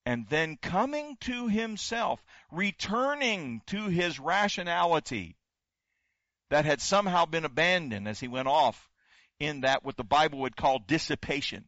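A man's voice: on the high side, lively intonation, a little slow, fairly bright tone, no echo, dull audio. A male pastor delivering a sermon, building points through emphatic repetition.

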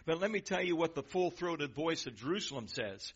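A high-pitched man preaches an emphatic sermon in a church, putting questions to the congregation. He swings between loud, urgent lines and soft, hushed ones. The sound is dull and lo-fi. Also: very animated, fairly quick, hardly any pauses, husky. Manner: emphatic, varies volume, asks the crowd questions.

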